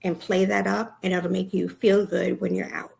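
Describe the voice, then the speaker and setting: A woman guest on a podcast, giving brief, soft-spoken answers over a video call. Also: on the low side, flat delivery, moderate pace, gravelly, low-quality recording. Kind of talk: casual interview answers.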